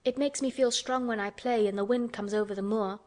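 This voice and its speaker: A woman's voice: on the high side, fairly even intonation, a little fast, a little mellow, natural voice. A woman reading an audiobook, voicing an anxious, eager little orphan girl who speaks in a tremulous, pleading way.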